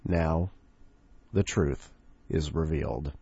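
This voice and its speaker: A man's voice: a bass voice, fairly even intonation, slow, gravelly, dark tone, slightly rough, no echo. A man hosting a podcast, joking and rambling in casual chat. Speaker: podcast host. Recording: dull lo-fi dry recording.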